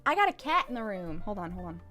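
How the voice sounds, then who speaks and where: A young woman chatting casually on a live stream, chaotic and jokey, with quick swings of mood. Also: mid-range voice, big pitch swings, pushed and bright, faint music behind.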